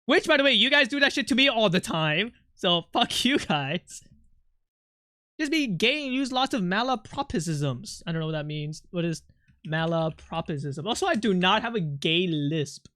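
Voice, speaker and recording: A man's voice: high voice, expressive, normal speed, sharp tone, no room sound. A male streamer who is not a native English speaker, chatting playfully with viewers, teasing and swearing freely into a close mic. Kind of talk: casual live-stream chat.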